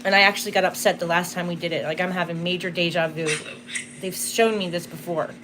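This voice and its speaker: Against a noisy background, the tarot reader and spirit box host talks fast in a lowish, steady voice. Addressing the spirits live, she sounds emotional and apologetic, close to crying.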